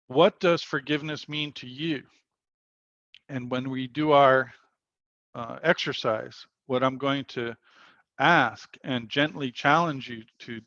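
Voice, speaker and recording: A man's voice: mid-range voice, a bit bright, no echo, muffled recording. A man leading a spiritual workshop over a video call, telling a story earnestly and quoting the people in it. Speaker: workshop leader.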